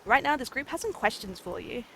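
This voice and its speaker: A woman's voice: a little high, a little fast. A woman streaming a dating game, reading the lines aloud and reacting with giggles and silly attempts. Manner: giggly, excitable, trying out silly accents.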